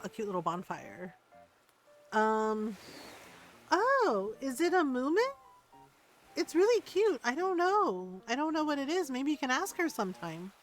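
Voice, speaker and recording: A woman streaming a cozy game, chatting casually and thinking aloud with plenty of fillers. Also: medium pitch. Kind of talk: casual gameplay chat.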